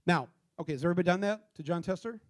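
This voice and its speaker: A middle-aged man hosting a live town hall in a theater, talking casually with many fillers and restarts, and spelling things out slowly. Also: high-pitched. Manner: spells out addresses slowly letter by letter. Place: theater stage before a live audience.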